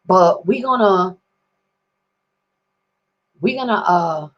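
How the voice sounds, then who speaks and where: A woman's voice: on the low side, expressive, slow pace, muffled recording. A woman ranting to her viewers in a casual, profane vlog, rambling in street slang and constantly asking if they understand. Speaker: vlogger.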